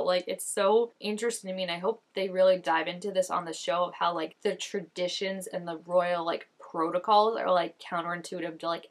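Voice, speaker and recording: A young woman giving casual reaction commentary, chatty and full of "like", gasping and exclaiming as she watches. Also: lowish voice. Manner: chatty, lots of "like", gasps and exclaims while watching. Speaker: reaction vlogger.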